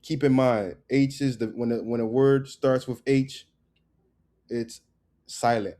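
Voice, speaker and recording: A man's voice: mid-range voice, fairly even intonation, slow, dark tone. A man teaching Colombian Spanish pronunciation in a casual lesson, repeating each word several times with an upbeat, chatty manner.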